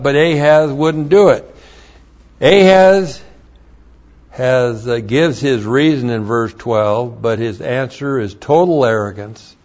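A man teaching scripture verse by verse, deliberate and careful, spelling out Hebrew words letter by letter. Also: mid-range voice, darkish tone. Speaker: Bible teacher. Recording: dull lo-fi recording.

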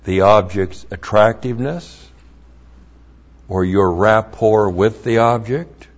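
A man's voice: fairly low pitch, slow pace, lo-fi sound. A man preaching a sermon, emphatic and blunt, with mocking asides.

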